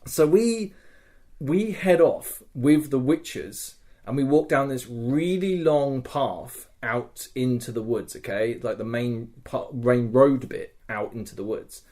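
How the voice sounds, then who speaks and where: A man co-hosting a podcast, telling a story in a casual, excitable way, swearing often and acting out other people's lines. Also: medium pitch, slow pace. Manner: swears a lot, animated retelling with quoted voices. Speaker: podcast co-host.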